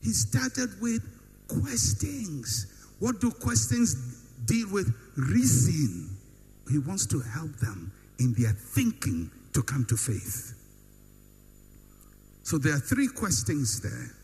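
A man delivers a sermon in a high, animated voice, stacking repeated phrases and rhetorical questions for emphasis. His voice carries a long hall reverb. A faint hum sits under the recording. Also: slow pace. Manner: emphatic, repetitive build-ups with rhetorical questions. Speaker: preacher.

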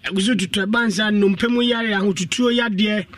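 A man with a Ghanaian accent hosting a radio show, talking in rapid DJ patter that mixes English and Twi. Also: sits high, steady tone, dry recording. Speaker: radio host. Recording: distant mic under loud music bed. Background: loud music.

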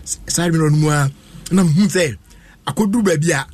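A man's voice: on the high side, quick pace, darkish tone, slightly rough, no echo. A man, telling a long story in a casual chat and laughing often as he goes.

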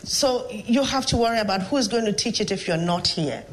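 A woman's voice: medium pitch, slight background noise, rough recording. Reflective Ghanaian woman professor. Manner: storytelling, measured and reflective. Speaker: professor and guest. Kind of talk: interview conversation.

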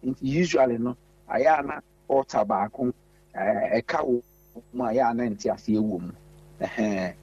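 A man, a politician calling in to a radio show, talking haltingly and filling pauses with sounds as he lists places. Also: mid-range voice, a little mellow, far from the mic. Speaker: politician guest on a radio call-in. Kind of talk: phone interview. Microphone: phone. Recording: muffled phone line, off-mic.

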